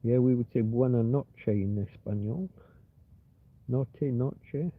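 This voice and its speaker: Host: husky-voiced man, rambling livestream chatter, mutters, tinny phone-like sound. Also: medium pitch, slow pace. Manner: rambling, muttering, talks softly to his companion at times. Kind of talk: rambling casual livestream chat. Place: in bed on a cold night.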